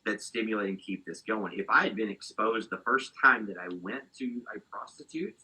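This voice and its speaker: A man being interviewed, giving an animated, candid account of his own past. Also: fairly low pitch, moderate pace, breathy edge, rough recording. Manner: animated storytelling, gets fired up. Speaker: interview guest.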